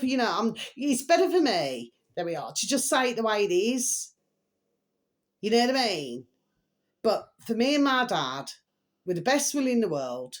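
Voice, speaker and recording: A middle-aged woman rambling in a casual, emotional monologue to her viewers, full of repeated pet phrases. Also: medium pitch. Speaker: vlogger.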